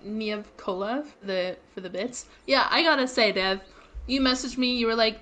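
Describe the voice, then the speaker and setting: A woman's voice: fairly high pitch, fairly quick, fairly bright tone. A young woman co-hosting a game live stream, reading out chat and teasing her friend with frequent giggles.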